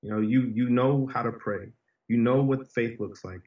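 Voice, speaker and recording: An earnest man appears as a podcast guest, telling personal stories in conversation with casual, heartfelt warmth and frequent "you know" and "man." His mid-range voice moves at normal speed, but he sits far from the mic in a roomy space with dull sound.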